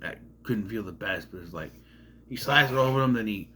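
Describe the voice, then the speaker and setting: A man's voice: lowish voice, lively intonation, fairly quick, pushed and bright, slight background noise. A man giving a casual, rambling film review, sarcastic and often tripping over names. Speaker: movie reviewer.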